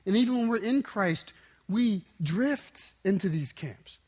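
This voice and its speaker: High-pitched man preaching with intense emphasis. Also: animated, measured pace. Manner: intense, emphatic preaching with sudden surges and quiet drops. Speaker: pastor. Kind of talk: sermon.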